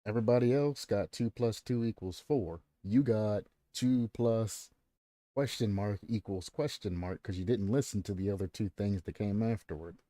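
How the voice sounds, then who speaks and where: A low-pitched man rants to his stream audience in a loose, profane way, circling back over the same point again and again. His voice is dark and mellow, recorded close and dry with no room sound. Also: moderate pace, no echo. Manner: profane, ranting, repeats himself. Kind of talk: casual ranting stream commentary.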